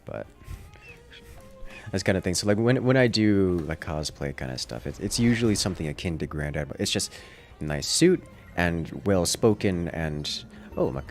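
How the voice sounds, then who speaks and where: A man with a very deep, gravelly voice and a Southern accent, rambling through casual livestream chat with wry, self-deprecating asides. His pitch swings in a lively way, and faint music plays behind him. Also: moderate pace. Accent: generic Southern US. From Southern United States. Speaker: livestream gamer.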